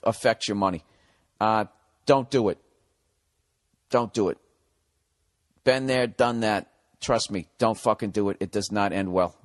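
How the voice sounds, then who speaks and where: A middle-aged man ranting on a comedy podcast, profane and sarcastic as he reads and answers a listener's letter. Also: mid-range voice. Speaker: podcast host.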